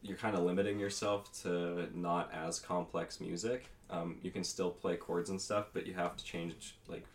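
A man being interviewed as a musician guest, laid-back and hesitant, with many pauses and ums. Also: deep voice, flat delivery. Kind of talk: casual comedic interview.

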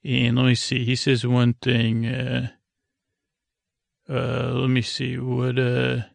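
A man hosting a sleep podcast, rambling through a TV recap in a droning, unhurried way, full of fillers and restarts. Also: medium pitch, completely flat delivery, vocal fry, no echo. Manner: meandering, many fillers and restarts. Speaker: podcast host.

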